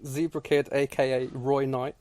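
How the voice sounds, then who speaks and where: A man's voice: mid-range voice, little pitch movement, moderate pace, a little mellow, dry recording. A man co-hosting a podcast in casual, sweary chat. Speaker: podcast co-host.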